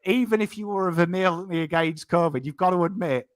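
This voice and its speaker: An English man in his thirties, co-hosting a casual chat with a fairly high voice. He tells stories in an animated way and swears freely. The recording is close and dry, with no room sound. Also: brisk, no room sound. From England. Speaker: co-host.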